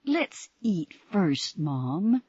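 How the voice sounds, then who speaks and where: A woman voicing a weary adult daughter who talks gently and coaxingly. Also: fairly low pitch, big pitch swings, very slow, breathy edge, dry recording, dull audio, voice pushed up, full character voice.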